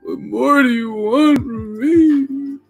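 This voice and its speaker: A man putting on a high, whining voice to mock a grown man wailing and sobbing over his troubles. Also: takes it slowly, gravelly, soft background music, full character voice.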